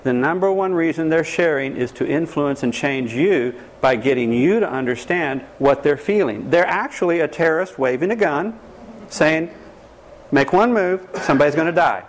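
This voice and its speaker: A lively man lecturing as a counselor on a fairly high voice. He keeps turning questions on his audience and slips into voices of the people he quotes. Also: moderate pace. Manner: animated, acts out quoted voices, quizzes the audience.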